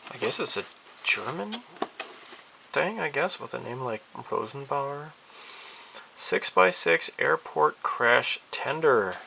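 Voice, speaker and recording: Casual hobby vlogger, male, gravelly and unhurried, hesitant rambling delivery, noisy home recording. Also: medium pitch, expressive, pushed and bright. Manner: rambling, hesitant, many fillers. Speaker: hobby channel host. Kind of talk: casual monthly update vlog. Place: cluttered room at home.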